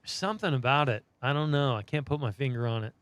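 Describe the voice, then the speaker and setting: A man's voice: mid-range voice, quick pace, fairly bright tone, no room sound. A man hosting a podcast, talking loosely about movies, full of "like" and swearing. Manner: loose, swears a lot, many likes. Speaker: podcast host. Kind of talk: casual chat.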